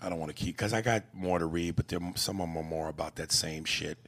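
A man hosting a podcast, reading listener emails aloud in casual chat, profane and quick to laugh. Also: rumbling low. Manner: profane, laughing, animated reader.

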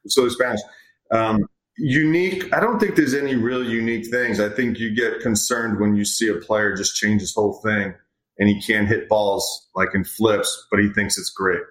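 A man's voice: fairly low pitch, moderate pace. A middle-aged man, a hitting coach, talking casually and rambling a bit as he tells stories about players. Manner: relaxed, rambling, acts out quoted players. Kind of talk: casual interview chat. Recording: echoey room.

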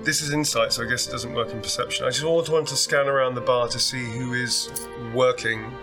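A man playing a tabletop game, talking in quick, chatty asides. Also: mid-range voice, steady tone, over music. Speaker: player. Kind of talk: casual tabletop game chat.

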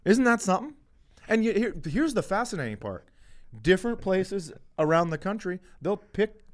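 A man's voice: a little high, smooth. A man co-hosting a comedy podcast, ranting with exasperation about everyday annoyances in casual banter.

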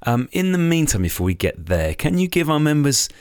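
A man's voice: on the high side, big pitch swings, fairly quick, darkish tone, clear, resonant tone, dry recording, clean studio sound. A man co-hosting a cycling podcast, reading club notices in an upbeat, chatty way. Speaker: podcast co-host. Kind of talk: casual chat.

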